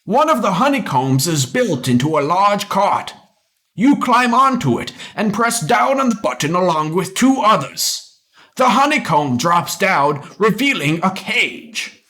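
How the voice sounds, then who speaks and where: A young man reading an AI-written story aloud, amused and animated. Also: high-pitched, unhurried. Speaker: reader.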